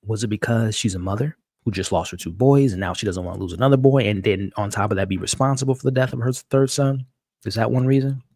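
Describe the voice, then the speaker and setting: A man with a somewhat low voice hosts a live-stream recap of a TV episode. He talks excitably, often repeating words as he restarts his sentences. The sound is dry and close, with no room echo. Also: fast. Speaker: show host. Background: dog.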